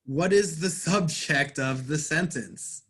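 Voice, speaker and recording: A man's voice: a little high, slow pace, fairly bright tone, husky. A man teaching an English grammar class, explaining patiently step by step and quizzing his students.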